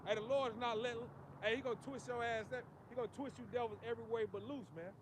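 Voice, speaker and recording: High-voiced man street preaching. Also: fairly even intonation, fast. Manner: emphatic, preachy, peppers lines with "man" and "you see". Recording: outdoor street noise behind.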